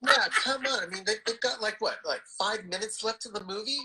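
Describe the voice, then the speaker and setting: A woman hosting a show gives running commentary on a film. She teases the characters and urges them on. Her voice is bright at a middle pitch. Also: a little fast, poor audio. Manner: teasing, urging the characters on. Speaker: host. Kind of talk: commentary while watching a film.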